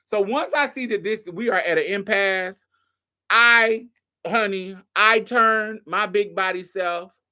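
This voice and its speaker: A woman's voice: mid-range voice, takes it slowly, sharp tone. A woman hosting a show, casually telling a story to her listeners, swearing freely and calling them y'all, honey and baby. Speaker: host.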